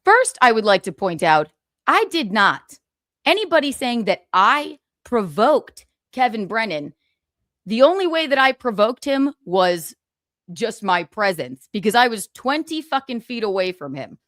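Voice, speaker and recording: A woman's voice: on the high side, very animated, measured pace, fairly bright tone, no echo, studio quality. A woman hosting a livestream, ranting in casual chat, profane, indignant and mocking, laughing often. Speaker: livestream host.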